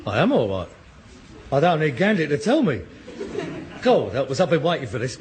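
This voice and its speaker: Sarcastic, exasperated son, high and animated, old radio sitcom with faint hiss. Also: male voice, normal speed. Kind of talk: 1960s British radio sitcom acting.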